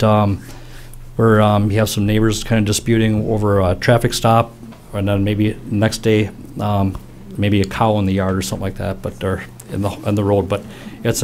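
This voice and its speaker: A man answering a question at a sheriff candidates' forum, hesitant and pausing often. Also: lowish voice, darkish tone, a little hiss or hum. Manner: hesitant, with fillers. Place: public meeting hall.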